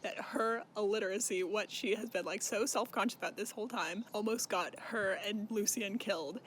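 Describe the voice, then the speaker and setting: A man's voice: sits high, fairly bright tone, slight background noise. A young man casually recapping a novel, chatty and swearing freely. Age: young adult. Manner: chatty, swears, laughs while recounting. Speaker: book vlogger.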